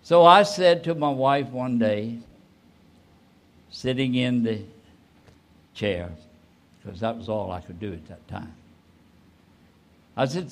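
A man in his eighties, a pastor telling a personal story in a sermon, rising suddenly and trailing off softly. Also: medium pitch. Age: 80s. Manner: slow, with sudden rises and soft trailing endings.

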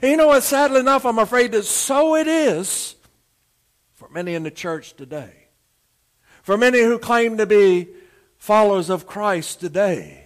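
A man preaching a sermon as pastor, in a folksy, animated storytelling way. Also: high-pitched.

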